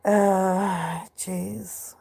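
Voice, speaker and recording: Sick woman vlogger in bed, gravelly voice, slow and unhurried, cursing and laughing with her chat. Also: medium pitch, fairly even intonation, warm tone. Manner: profane, laughing, bantering with chat. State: sick with a cold. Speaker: vlogger talking to live chat. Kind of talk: casual live-stream chat. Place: in bed at home.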